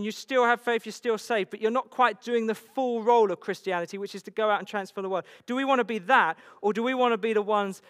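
High-voiced preacher in a reverberant church. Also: male voice, fairly bright tone. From England. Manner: emphatic, repetitive preaching with rhetorical questions. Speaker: pastor. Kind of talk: sermon. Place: church hall. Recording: long hall reverb.

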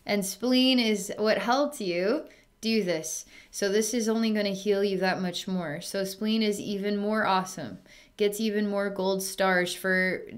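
A young adult woman speaking as a psychic healer, her voice at an ordinary middle pitch for a woman. She talks to an unseen client in a soothing, chatty way, full of fillers and soft laughs. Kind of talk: spoken distance healing session.

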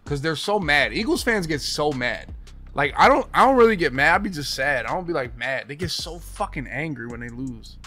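A man's voice: fairly high pitch, animated, normal speed, sharp tone. A man commentating his own gameplay, swearing and ranting as he plays. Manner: profane, ranting, talks to himself. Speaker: gaming streamer. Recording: music playing behind. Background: game music.

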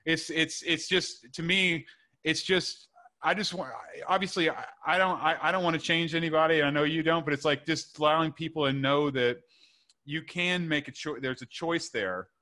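Guest author, man, bright tense voice, earnest and rambling. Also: fairly high pitch, steady tone, normal speed. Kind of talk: casual podcast conversation.

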